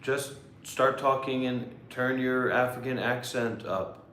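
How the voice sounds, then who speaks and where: A man hosting a livestream, who talks in a slow, deliberate, probing way while quizzing an AI. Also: mid-range voice, fairly even intonation, a bit bright, slight background noise. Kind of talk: casual live chat. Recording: echoey room.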